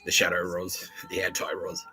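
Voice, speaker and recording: A low-pitched man hosts a foul-mouthed comedy podcast, his delivery bright and forceful. He laughs often and slips into mocking impressions with swooping pitch. Faint music plays underneath. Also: low-quality recording. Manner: swears a lot, mimics people in quoted asides, laughs often. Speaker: podcast host. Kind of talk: crude comedic podcast banter.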